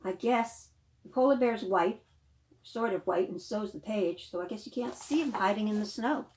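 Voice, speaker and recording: A woman librarian leading a children's storytime, reading a picture book aloud with animated questions to the young listeners. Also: medium pitch, normal speed, slight background noise. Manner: animated, questions to the children, gasps and sing-song.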